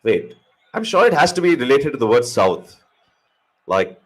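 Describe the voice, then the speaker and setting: A man hosting a casual live cricket watch-along, excitable and joking, cursing freely at the action. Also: medium pitch, normal speed, long pauses, poor audio. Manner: excitable, swears, jokes. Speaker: live stream host.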